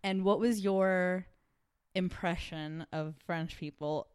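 A woman co-hosting a casual podcast chat, her voice on the lower side. It sounds smooth and clear. She rambles in a friendly way with lots of "like" and "you know". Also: steady tone, slow pace, darkish tone. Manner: chatty, frequent "like" and "you know". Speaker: podcast co-host.

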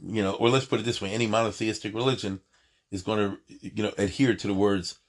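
A man's voice: fairly low pitch, fairly even intonation, fast talker. A man teaching an informal lecture on prayer, talking in an emphatic, digressive way with many asides and restarts. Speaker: Torah teacher.

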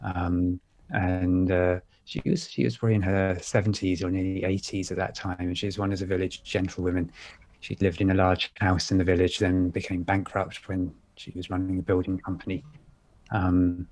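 A man co-hosting a podcast, telling measured anecdotes with pauses. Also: sits low, little pitch movement, darkish tone, no echo. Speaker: podcast co-host. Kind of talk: casual podcast chat.

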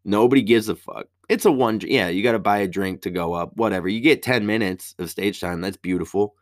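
A man's voice: on the low side, a little fast, no room sound, studio quality. A young man, a stand-up comic, telling a profane story in casual chat. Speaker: stand-up comedian.

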